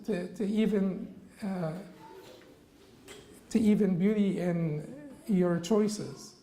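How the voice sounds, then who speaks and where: A man giving a religious classroom lecture, halting with frequent restarts and rhetorical questions. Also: sits high, warm tone, roomy sound, low-quality recording.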